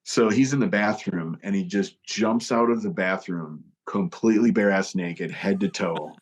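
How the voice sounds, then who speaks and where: A man telling a story in casual chat, animated, jumping into a higher voice for quoted lines. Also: normal speed, slightly rough, muffled recording. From United States. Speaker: podcast guest, touring musician.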